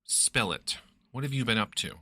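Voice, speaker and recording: A man's voice: medium pitch, expressive, moderate pace, sharp tone, no echo. A man voicing a flustered young man who reacts with exasperation and disbelief. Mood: exasperated. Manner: exasperated, incredulous.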